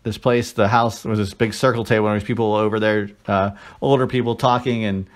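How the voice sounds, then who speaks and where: A man's voice: lowish voice, fairly even intonation, a little fast. A man in casual chat as podcast co-host, telling a story with crude jokes and put-on voices.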